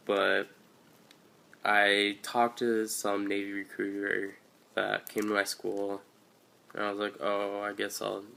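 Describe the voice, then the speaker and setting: A young man of eighteen from Washington State talks slowly in a low, gravelly voice. His delivery stays flat and loose as he rambles through a story with offhand, slangy asides, recorded on a handheld camera. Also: slight background noise. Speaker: vlogger. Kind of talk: casual first-person storytelling. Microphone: handheld camera or phone.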